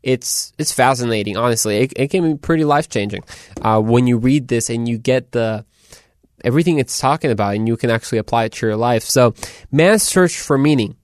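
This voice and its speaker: Chatty, animated man hosting a podcast. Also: medium pitch, fairly quick, no echo, studio quality. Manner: chatty, animated, rambling with restarts. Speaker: podcast host. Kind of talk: casual podcast talk.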